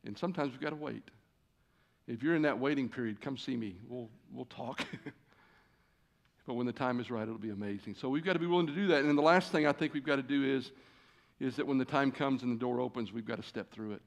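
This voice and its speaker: A man preaching as a guest in a church, telling a personal story with lively, acted-out dialogue. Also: mid-range voice, fast, creaky. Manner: animated, acts out quoted conversations. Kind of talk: storytelling sermon. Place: church sanctuary.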